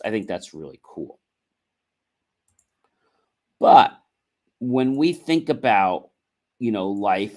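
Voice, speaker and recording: A man with a fairly low voice hosts a motivational livestream, speaking earnestly and at a measured pace. He repeats himself, leans on frequent fillers, and keeps addressing asides to "ladies and gentlemen."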